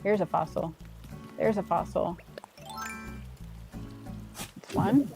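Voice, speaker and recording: A woman streaming a relaxing life-sim game, talking her viewers through what she is doing in a soft, unhurried way. Her voice sits at an ordinary middle pitch, and gentle game music plays faintly underneath. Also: gravelly, rough recording. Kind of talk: casual gameplay commentary.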